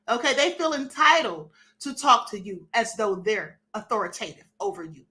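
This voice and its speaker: Her voice is on the high side, fairly quick, with few pauses. She's a middle-aged woman hosting a casual, animated live stream, full of sass as she acts out mini dialogues and reads the chat.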